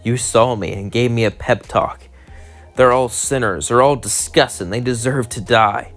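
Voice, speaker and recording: A man reading as a hushed young woman exorcist. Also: medium pitch, moderate pace, faint music behind, close to an everyday voice.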